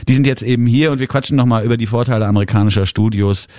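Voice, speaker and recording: A man's voice: mid-range voice, racing, a little mellow. A man hosting a radio interview in a studio, speaking, joking and laughing often. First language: German. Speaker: radio host. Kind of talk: radio interview, German and English. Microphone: studio microphone.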